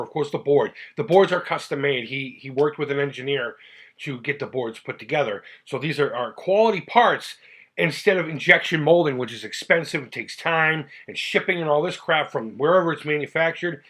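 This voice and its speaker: A middle-aged American man talks a little fast on his retro gaming channel's casual vlog, his voice slightly high for a man and fairly bright in tone. He's chatty and heartfelt, often rambling and starting his sentences over.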